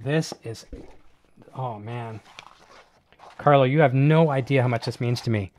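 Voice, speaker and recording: A man hosting a live online show, chatting casually and excitedly while unboxing, with many fillers and restarts. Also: mid-range voice, a little slow. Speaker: host of a live gear show.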